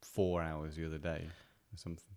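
A man's voice: very deep voice, level tone, moderate pace, darkish tone. A man co-hosting a podcast, teasing his friend and prodding him with questions. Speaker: podcast co-host. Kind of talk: casual chat.

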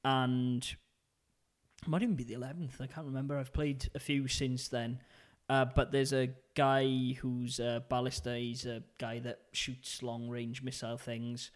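A man's voice: mid-range voice, level tone, unhurried. A man with a Welsh accent, co-hosting a casual gaming podcast, rambling through stories. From Wales. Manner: rambling, chatty storytelling. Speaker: podcast co-host. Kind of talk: casual chat.

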